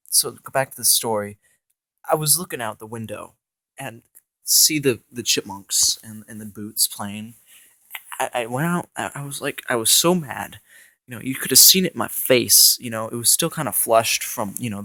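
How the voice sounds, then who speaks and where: Young man, mid-pitched, dry close sound; rambling comic storyteller, all "you know"s and stammers, fake tough-guy talk. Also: pushed and bright, no echo. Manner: mock-tough mob boss bluster. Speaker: comedy vlogger. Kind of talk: rambling improvised comic monologue. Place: indoor home room with carpet.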